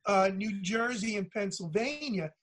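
High-voiced rambling middle-aged man host. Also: unhurried, fairly bright tone, slight background noise. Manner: rambling, hesitant, full of fillers. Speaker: radio show host. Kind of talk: casual podcast chat.

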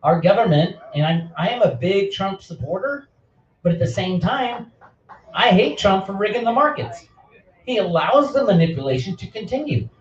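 A man's voice: sits high, lively intonation, moderate pace. A middle-aged man who hosts his own channel, giving a fiery, swearing rant in an impassioned speech. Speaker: online channel host. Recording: roomy, distant, dull lo-fi sound.

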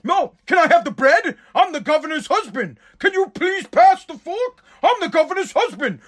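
A man putting on a furious shrill wife. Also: big pitch swings, moderate pace. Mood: furious, mocking. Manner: mocking, shrill, scolding. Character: furious sarcastic wife, grown woman.

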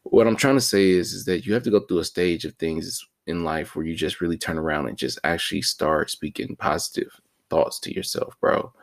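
A man's voice: deep voice, a little fast, creaky. A man talking in a slang-heavy, rambling and self-mocking casual monologue as a podcast host.

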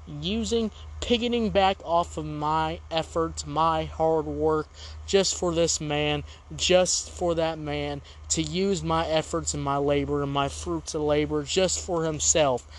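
Male podcast host with a high voice, ranting and exasperated, repeats his gripes. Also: measured pace. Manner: exasperated, ranting, repetitive complaints. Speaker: podcast host and game reviewer. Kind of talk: ranting game review.

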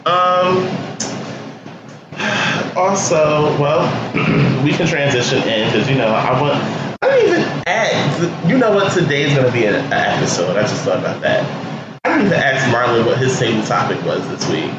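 A man's voice: mid-range voice, lively intonation. A man hosting a podcast in casual chat, playful and rambling, cursing freely and trailing off between phrases. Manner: playful, rambling, profane, with drawn-out trailing pauses. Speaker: podcast host. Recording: roomy, dull, very noisy podcast recording.

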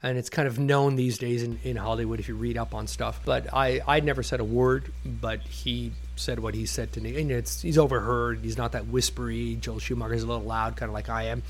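Animated man telling stories. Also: medium pitch, brisk, few pauses, a little hiss or hum. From from a poor immigrant family. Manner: animated storyteller acting out quotes. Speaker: guest, former stand-in. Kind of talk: casual anecdote telling.

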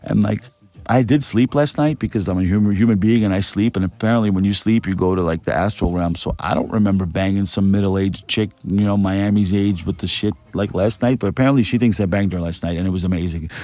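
Profane rambling man, warm low voice. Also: quick pace, no room sound. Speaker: podcast host. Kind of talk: casual storytelling monologue.

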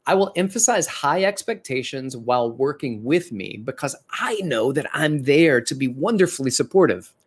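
A man's voice: mid-range voice, animated, normal speed, few pauses, husky. Man, fitness educator, conversational lecture, earnest, encouraging, mid-range voice. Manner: earnest, encouraging, with occasional self-corrections. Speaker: fitness educator and personal trainer.

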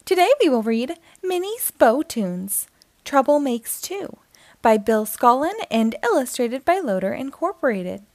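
A woman reading a picture book aloud to children, expressive and sing-song. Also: sits high, unhurried, no echo. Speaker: storyteller.

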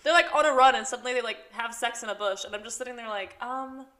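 A woman's voice: fairly high pitch, rapid-fire, noisy background. A woman co-hosting a casual book chat, talking expressively and reacting with exclamations. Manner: expressive, exclaims and laughs along. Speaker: podcast co-host.

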